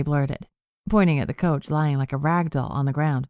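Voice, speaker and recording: A woman narrating a cozy mystery audiobook in a steady storytelling voice. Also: deep voice, normal speed, no room sound, clean studio sound. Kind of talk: scripted narration.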